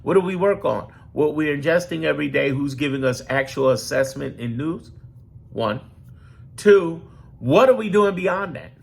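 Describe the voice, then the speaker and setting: Gravelly, emphatic man. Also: fairly high pitch, expressive, normal speed. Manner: emphatic, profane, preachy. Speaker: political commentator. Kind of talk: direct-to-camera political talk.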